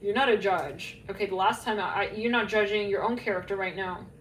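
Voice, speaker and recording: A woman's voice: mid-range voice, brisk. Rambling tarot reader woman, echoey room. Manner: rambling, filler-heavy, laughs at herself. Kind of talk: casual psychic tarot reading to camera. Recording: echoey room, faint background hum.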